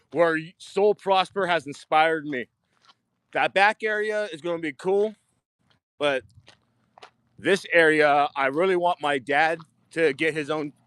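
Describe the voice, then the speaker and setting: A man giving a casual live-stream tour of his diecast collection, excitable, swearing freely and repeating himself. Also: on the high side, clear, resonant tone. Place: home storage rooms and outdoors at night.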